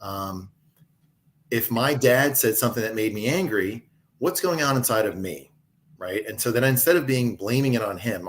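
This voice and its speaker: A man talking calmly and reflectively about handling emotions, as a guest in a conversational interview from home. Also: medium pitch, a little fast. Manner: calm, reflective, coaching tone.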